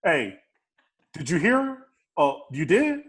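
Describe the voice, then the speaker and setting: A man hosting a casual chat, playfully jumping in with loud mock warnings and plugs. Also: fairly high pitch, big pitch swings, takes it slowly. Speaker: podcast host.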